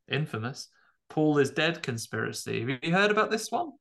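A man with a gravelly, fry-laden voice chats about films, drifting into jokey tips and trivia. His pitch stays in a middle range as he tells his stories. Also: lively intonation, normal speed, pushed and bright. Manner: jokey, storytelling, offers asides. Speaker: podcast co-host. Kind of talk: casual film chat.

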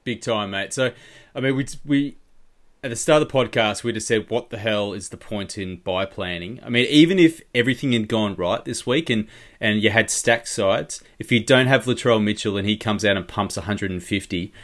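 Brief: laid-back host, rambling banter, low-ish voice. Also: male voice, moderate pace, a bit bright. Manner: rambling, restarts, swears and teases. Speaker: podcast host. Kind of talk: casual sports fantasy chat.

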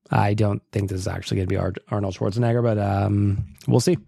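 A man's voice: on the low side, moderate pace, vocal fry, long pauses, a little mellow, no echo, studio quality. A man hosting a casual podcast, joking, swearing and laughing as he reacts to listener voicemails. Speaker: podcast host.

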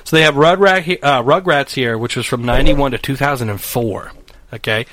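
A man's voice: mid-range voice, brisk, a bit bright, no echo. A young man chatting casually as co-host, rambling with restarts while recalling old shows. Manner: rambling, restarts, looks things up. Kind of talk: casual chat.

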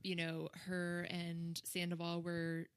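A woman's voice: lowish voice, completely flat delivery, slow, smooth, dry recording. A woman co-hosting a podcast, telling gossip in casual chat with a giggly manner. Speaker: podcast co-host.

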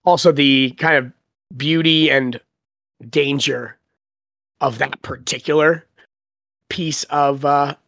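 A podcast co-host chatting casually about a novel, musing out loud with relaxed opinions and filler words. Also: mid-range voice, slow pace, vocal fry, long pauses, no echo, clean studio sound. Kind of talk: casual book club chat.

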